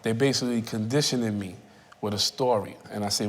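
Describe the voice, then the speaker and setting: A man in his thirties giving personal testimony in a reflective, halting way, often repeating phrases. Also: lowish voice, slight background noise. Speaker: interviewee. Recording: reverberant room.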